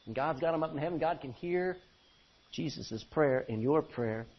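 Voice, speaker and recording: A male preacher delivering a folksy, emphatic sermon that swings from loud to quiet and calls for amens. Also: a little high, normal speed, slightly rough. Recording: dull lo-fi recording.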